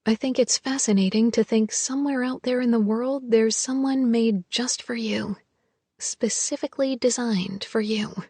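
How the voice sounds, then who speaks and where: A woman narrating a first-person romance audiobook in a soft, hushed, intimate way. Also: fairly high pitch, fairly even intonation, moderate pace, husky, no room sound.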